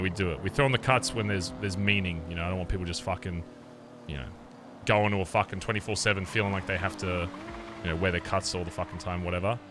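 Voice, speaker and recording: Bright-voiced man, swearing in role-play. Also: fairly low pitch, a little hiss or hum. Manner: profane, rambling, many fillers. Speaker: biker club leader in role-play. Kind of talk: in-character game role-play chat.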